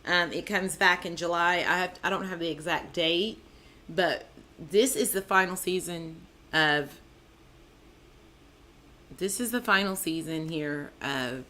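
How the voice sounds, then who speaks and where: A woman hosting a casual TV recap, excitable and chatty, calling out to her co-host and viewers with lots of "like", "man" and "dude". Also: on the low side, a little slow. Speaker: TV show reviewer, channel host.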